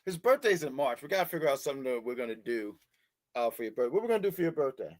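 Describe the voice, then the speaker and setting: A man's voice: on the high side, very fast, dry recording. A man co-hosting a wrestling review show, talking casually and with feeling, often repeating his words as he starts a thought. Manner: animated, repeats words, baby-talks to his cat.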